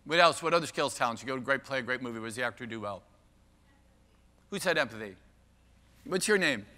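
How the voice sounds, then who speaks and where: Long reverb fills this recording of an older man's keynote in a big conference hall. Expressive, quick, bright and forceful in his mid-range voice, he's playful and self-deprecating, calling out audience members by name.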